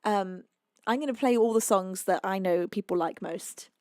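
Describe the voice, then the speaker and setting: A British woman hosting her own music livestream, chatting casually and excitedly to viewers with many fillers and restarts. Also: mid-range voice, moderate pace, dry recording, studio quality. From United Kingdom. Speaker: singer and livestream host.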